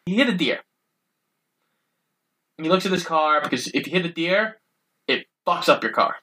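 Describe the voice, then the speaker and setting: Bright-toned podcast co-host recapping. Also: medium pitch, moderate pace, slight background noise, rough recording. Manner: steady plot recapping with easy asides. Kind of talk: casual chat.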